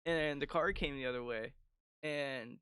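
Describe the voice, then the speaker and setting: A young man co-hosting a podcast in casual chat, giggly and quick to laugh. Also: medium pitch, fairly bright tone, clean tone, no room sound. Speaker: podcast co-host.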